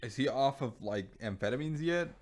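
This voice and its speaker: A man's voice: mid-range voice, expressive, normal speed. A man co-hosting a podcast in casual banter, sarcastic and profane, sometimes breaking into a rant. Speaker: podcast co-host.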